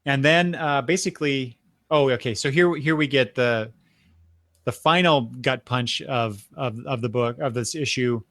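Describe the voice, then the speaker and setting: A man's voice: medium pitch, measured pace, a bit bright, no echo. An older man hosting a podcast, recapping comic book scenes in a casual chat with frequent restarts and fillers. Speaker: podcast host.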